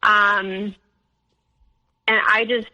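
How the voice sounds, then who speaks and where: A young woman being interviewed, telling a personal story candidly, with many fillers and animated quotes of others. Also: medium pitch, drawn-out words, lo-fi sound. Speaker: interview guest.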